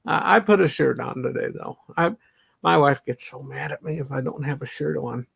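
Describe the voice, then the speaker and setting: Chatting on his livestream, this middle-aged host from the northern Chicago suburbs reads comments, greets viewers by name and laughs a lot. He speaks at medium pitch and normal speed, fairly bright yet gravelly and husky, a bit stuffy with allergies.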